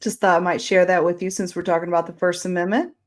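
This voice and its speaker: Lady host with a lowish voice, chatty, keeps fixing how she says names. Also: fairly even intonation, fast. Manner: self-correcting, stumbles on names. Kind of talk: casual chat.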